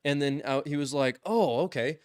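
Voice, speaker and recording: Brief: young male podcast co-host, slightly high voice, animated storyteller who acts out quotes, dry close mic. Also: moderate pace, clear, resonant tone, no room sound. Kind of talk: casual storytelling.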